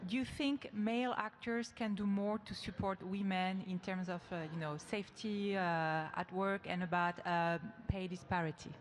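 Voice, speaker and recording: A soft-spoken woman reporter hesitantly asking a question, heard from a distance. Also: medium pitch, fairly even intonation, normal speed, few pauses, slight background noise. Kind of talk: press conference question. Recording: distant voice in echoey hall.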